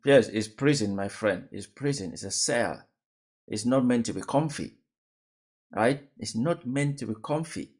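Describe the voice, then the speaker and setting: A man's voice: mid-range voice, lively intonation, unhurried, a little mellow, breathy edge. A man giving casual reaction commentary, emphatic and fond of repeated rhetorical questions.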